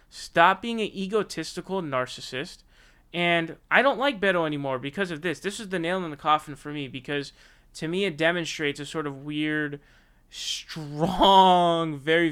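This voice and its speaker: A man's voice: high voice, fairly bright tone. A young man hosting political commentary, ranting bluntly and profanely in slangy talk aimed straight at his target.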